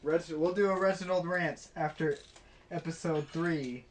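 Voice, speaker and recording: A man co-hosting a casual podcast about his own animated series, laughing often between quick remarks. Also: a little high. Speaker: podcast co-host and series creator. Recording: distant mic with clear background noise.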